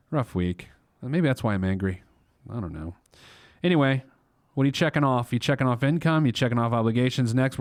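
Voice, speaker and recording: A man's voice: fairly low pitch, a little mellow, no echo, clean studio sound. A man in his thirties hosting a casual solo money podcast, talking bluntly and with animation, often restarting his sentences. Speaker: podcast host, financial planner.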